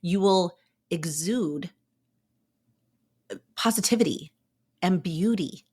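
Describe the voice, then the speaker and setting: Woman podcast host, casual motivational chat, upbeat and encouraging, slightly low-pitched. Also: slow pace, a little mellow, slightly rough. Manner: upbeat, chatty, encouraging, with playful acted-out asides.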